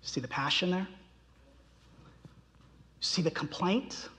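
A pastor preaches slowly in a high, pushed, bright voice, and a large hall adds long reverb. He's impassioned, and his voice climbs sharply whenever he voices quoted cries.

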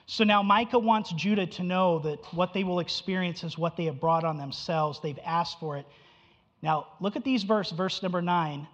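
A man's voice: high-pitched, moderate pace, long reverb tail, highs cut off. A man preaching an expository sermon, emphatic, repeating phrases and asking his listeners questions.

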